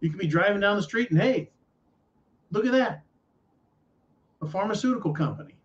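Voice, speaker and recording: A man's voice: sits high, expressive, normal speed. A man hosting a podcast, rambling and ranting with profanity and sarcasm. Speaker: podcast host. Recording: dull lo-fi audio.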